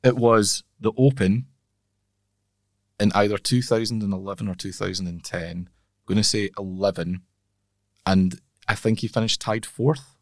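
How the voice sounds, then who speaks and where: A man's voice: on the low side, steady tone, moderate pace, long pauses, no room sound, clean studio sound. A man co-hosting a podcast in casual chat, chatty and wry, laughing often. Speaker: podcast co-host.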